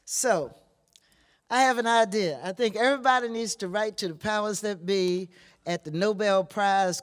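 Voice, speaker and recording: An older woman from Virginia, a blues singer and guitarist, talking between songs in a wry, plainspoken, low-key storytelling manner with dry humor. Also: smooth. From Virginia, USA. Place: museum performance venue. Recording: reverberant live hall with guitar.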